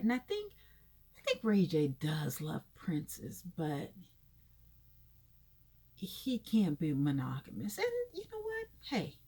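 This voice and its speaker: A woman giving a casual, profane recap of a reality show, animated and laughing, with asides. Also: mid-range voice. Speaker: reality TV commentator.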